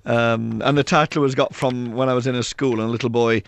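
Guy, author spinning funny school stories, gravelly voice, dry sound. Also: medium pitch, brisk, dry recording. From South Yorkshire, England. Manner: lively raconteur, acts out children's voices, laughs often. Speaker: author and guest. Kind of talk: anecdotal storytelling in an interview.

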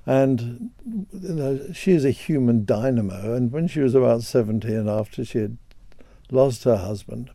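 A man's voice: medium pitch, moderate pace, warm tone, dry recording. An older man talking as a guest in a radio interview, hesitant and often repeating words as he starts a thought.

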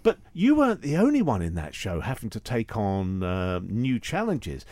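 A man's voice: on the low side, wildly swooping pitch, normal speed, a little mellow, dry recording. A man hosting a radio music show, introducing and interviewing a guest with emphatic enthusiasm.

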